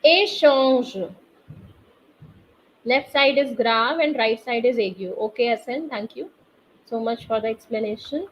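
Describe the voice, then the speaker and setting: A woman teaching a live online French class, explaining accents slowly and quizzing her students through the chat. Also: on the high side. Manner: slow, patient, quizzes students via chat. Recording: slightly dull online class audio with faint noise.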